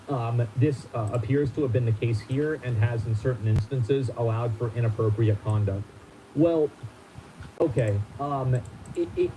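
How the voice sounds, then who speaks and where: A man streaming, reading a formal statement aloud and breaking off into halting, incredulous asides. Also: mid-range voice, background noise.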